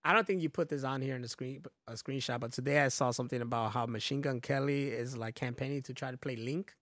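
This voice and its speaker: A man co-hosting a podcast in casual chat, joking loudly and swearing freely. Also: mid-range voice, fast talker, no echo. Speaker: podcast co-host.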